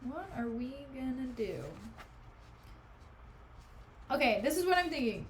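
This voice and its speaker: A woman's voice: high voice, big pitch swings, measured pace, background noise. A young woman streamer reading a play aloud and chatting sarcastically about it in slang.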